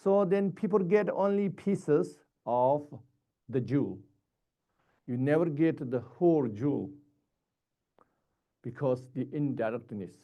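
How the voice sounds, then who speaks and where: A man giving a Buddhist dharma teaching in short, halting, repetitive phrases. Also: on the high side, animated, lo-fi sound.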